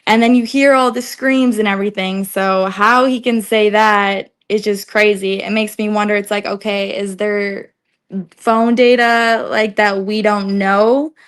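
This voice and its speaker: A woman's voice: medium pitch, fairly even intonation, measured pace, smooth. A woman calling in to a live show, fired up and rambling with lots of fillers. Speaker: caller. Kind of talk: casual call-in chat.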